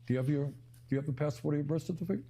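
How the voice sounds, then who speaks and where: A man with a low, gravelly, husky voice who speaks in a dark, mellow tone. He pauses often to search for his words in an interview.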